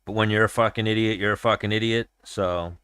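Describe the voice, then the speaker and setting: A man's voice: lowish voice, steady tone, fairly quick, a bit bright, clear, resonant tone, dry recording, studio quality. A man hosting a casual livestream chat while watching fights, blunt, profane and rambling. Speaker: podcast host.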